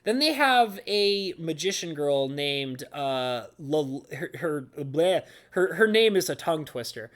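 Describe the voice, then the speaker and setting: A man's voice: fairly high pitch, expressive, moderate pace, few pauses, a bit bright. A man reviewing anime in a casual, rambling way, full of fillers and gushing enthusiasm. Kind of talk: casual talk to camera.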